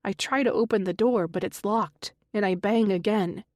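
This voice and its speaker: A woman narrating a thriller audiobook in the first person, with a measured, even delivery. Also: medium pitch, no echo, studio quality.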